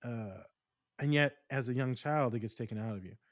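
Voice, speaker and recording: Man, podcast co-host, casual animated rants, mid pitch, dry close sound. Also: moderate pace, no room sound.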